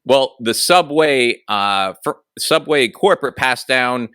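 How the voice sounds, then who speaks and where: Casting: bright, dry-sounding young man, animated storyteller on a radio talk show. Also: mid-range voice, slow, clean tone, no room sound. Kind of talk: casual banter.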